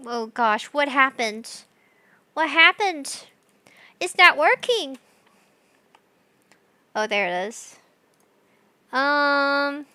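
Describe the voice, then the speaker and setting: A woman's voice: sits high, animated, slow, long pauses, pushed and bright, clear, resonant tone, no echo. A young woman streaming live, chatting casually with her chat. She talks in a bubbly, scatterbrained, giggly way.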